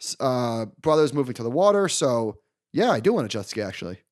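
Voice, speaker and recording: A man in his thirties co-hosting a podcast, telling a long story in an animated, casual way and laughing along. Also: medium pitch, a little fast. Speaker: podcast co-host. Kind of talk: casual chat.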